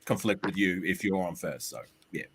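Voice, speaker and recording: A man's voice: low-pitched, moderate pace, fairly bright tone, a little hiss or hum. A man from Australia with an Australian accent, a guest on a casual sports chat who is friendly, polite and laughs easily.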